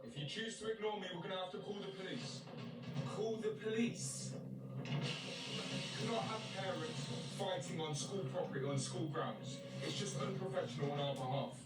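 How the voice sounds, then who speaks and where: A man's voice: high voice, moderate pace, close to an everyday voice. A man voicing a formal, firm school staff member. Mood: stern. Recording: roomy, distant, loud music behind.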